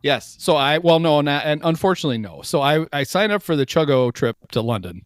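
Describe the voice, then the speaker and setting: A man's voice: a little high, lively intonation, a little fast, clean tone, dry recording, clean studio sound. A man hosting a casual sports podcast, joking and rambling with restarts. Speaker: podcast host.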